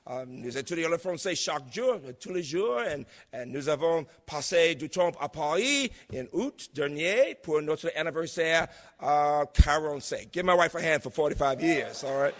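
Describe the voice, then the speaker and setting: A man's voice: fairly high pitch, lively intonation, moderate pace. A man in his sixties giving an emphatic, story-filled conference speech as a university president, recorded in a large lecture hall. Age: 60s. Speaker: keynote speaker, university president. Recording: long reverb of a large hall.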